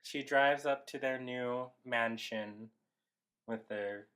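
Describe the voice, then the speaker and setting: A woman's voice: a bass voice, slow. A woman co-hosting a comedy podcast, recapping a film in casual chat and acting out characters' lines with laughter. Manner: animated storyteller, acts out characters' lines with laughs. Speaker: podcast co-host.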